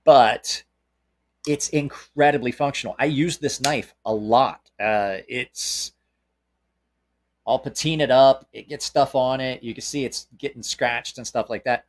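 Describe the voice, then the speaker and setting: A man's voice: mid-range voice, measured pace. A man with a Southern American accent chats casually about gear in a mid-range voice. He is blunt and opinionated, and swears without hesitation. His sentences often stall and restart before he gets to the point. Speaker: knife channel host. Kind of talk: casual live-stream chat.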